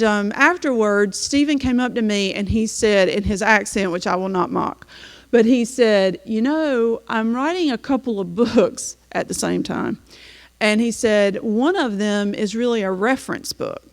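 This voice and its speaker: Chatty woman in echoing hall. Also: medium pitch. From North Carolina, US. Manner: chatty storytelling with frequent "um"s. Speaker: teacher presenting to an audience. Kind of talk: slideshow presentation. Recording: long hall reverb.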